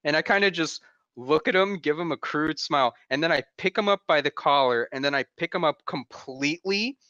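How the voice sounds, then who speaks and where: Male gamer, bright and forceful, jokey and profane, dry dull mic. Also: on the high side, brisk, no echo. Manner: laid-back, joking, profane. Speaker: player. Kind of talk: casual tabletop play.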